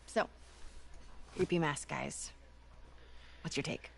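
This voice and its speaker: An actress voicing a sharp, probing young woman reporter in a game. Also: low-pitched, takes it slowly, vocal fry, a little hiss or hum, full character voice. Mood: wry. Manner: probing, wry.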